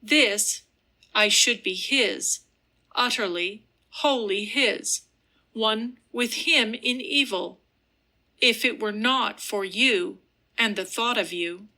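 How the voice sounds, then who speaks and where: A tormented young man pours out earnest, impassioned vows, read by a woman narrator. The pace is unhurried and the tone bright. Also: fairly high pitch, exaggerated voice.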